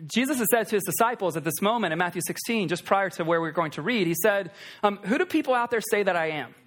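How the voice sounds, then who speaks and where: A man preaching a sermon, conversational and animated, with asides to the congregation. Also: high-pitched, fast talker. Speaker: pastor.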